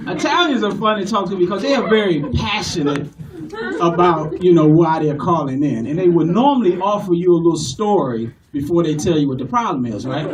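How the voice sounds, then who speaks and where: Animated male stand-up comic, lively pitch. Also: fairly quick, noisy background. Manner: animated, acting out phone calls. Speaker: stand-up comedian. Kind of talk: stand-up comedy set. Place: comedy club stage. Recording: distant live club recording with loud crowd.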